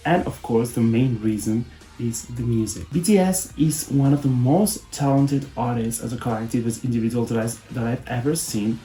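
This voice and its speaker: A soft-spoken young man hosts a casual fan vlog, his voice mellow and kept low in tone. He sounds moved and emotional throughout. The room gives a roomy echo, with faint music underneath. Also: normal speed. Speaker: fan channel host.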